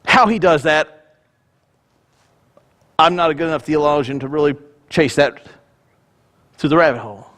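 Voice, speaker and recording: A man's voice: a little high, normal speed, pauses often, a bit bright. A male pastor giving a conversational sermon with joking asides.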